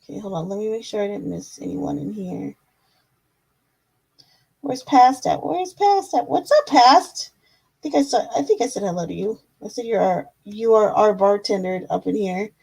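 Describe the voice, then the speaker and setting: A woman hosting a live-stream tarot reading, chatting casually and affectionately with viewers and often filling pauses with "um" and "like.". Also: medium pitch, vocal fry, dark tone, slightly rough, low-quality recording.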